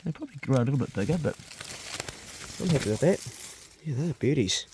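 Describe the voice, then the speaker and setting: A man's voice: mid-range voice, animated, a little fast, darkish tone, slight background noise. A man with a New Zealand accent, chatting upbeat about his homestead garden outdoors as he films a vlog. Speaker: homesteader vlogger. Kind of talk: casual vlog narration.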